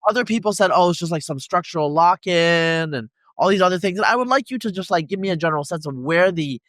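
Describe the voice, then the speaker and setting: Bright high-voiced male podcast host. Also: lively intonation, fast, no echo. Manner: rambling, many fillers and restarts. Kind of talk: conversational interview.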